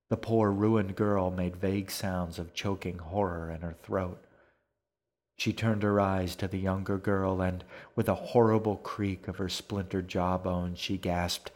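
A man narrating a dark fantasy audiobook in a measured, even manner. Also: deep voice. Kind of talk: scripted narration.

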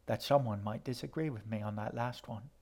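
A man's voice: medium pitch, brisk, a little mellow, close to an everyday voice. Guy doing a sarcastic boy leading the way, dry and unbothered, close to his own voice. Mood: sardonic. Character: sardonic, shifty boy guide.

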